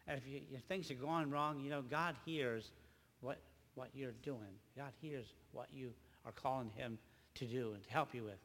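An older man, a grandfather, preaching a rambling church testimony with halting, repeated words. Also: mid-range voice, a bit bright, in a large hall. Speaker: lay preacher.

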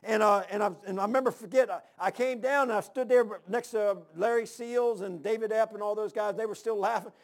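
A man's voice: high-pitched, steady tone, brisk, hardly any pauses. A man preaching a folksy, storytelling sermon, repeating his phrases. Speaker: pastor.

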